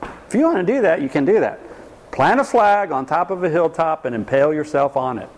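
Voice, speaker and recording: A man lectures a live class. He speaks with animated emphasis and rhetorical questions, in a fairly high voice. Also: a little fast, poor audio. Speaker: relationship class teacher.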